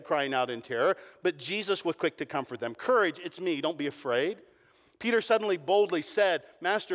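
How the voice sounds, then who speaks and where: A middle-aged pastor preaching with animated, emphatic delivery. His voice sits a touch high for a man, and it rings out with a long hall reverb in a church sanctuary. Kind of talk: sermon.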